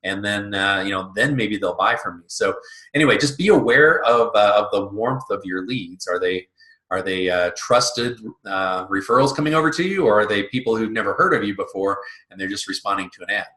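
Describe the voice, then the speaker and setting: A man coaching on business, talking through the lesson in a loose, chatty way with plenty of fillers and restarts. His voice sits a little low but has a bright, forceful edge. The recording is echoey, as in a bare room. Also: brisk. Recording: roomy echo.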